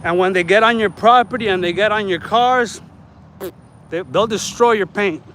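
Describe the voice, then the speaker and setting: A man's voice: high voice, moderate pace, a bit bright, slight background noise, low-quality recording. A man walking his neighborhood outdoors, talking casually and ranting with plenty of profanity in the heat. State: sweating in the heat. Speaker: vlogger.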